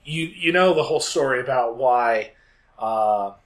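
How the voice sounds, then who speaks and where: A podcast co-host with a medium-pitched voice and lively intonation speaks at a measured pace. He chats casually, rambling with hesitations.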